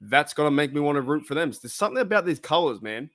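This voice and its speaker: Excitable Australian man calling the game. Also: on the high side, fast talker. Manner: excitable, cheers and groans at plays. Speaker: fan watch-party host. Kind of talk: casual live game commentary.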